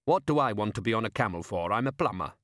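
A man's voice: on the low side, expressive, fast talker, fairly bright tone, no echo, studio quality. A man voicing a bewildered, blunt middle-aged sergeant who talks incredulously. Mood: baffled, grumbling.

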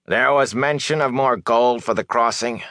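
A sullen, shifty ferryman, as a male narrator puts him on, grumbling low and sly, then snapping into high, panicky commands. The storybook figure is on edge and greedy. The recording is dry and close. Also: moderate pace, no room sound, close to an everyday voice. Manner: surly muttering, then shrill nervous shouting. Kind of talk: audiobook character voice.

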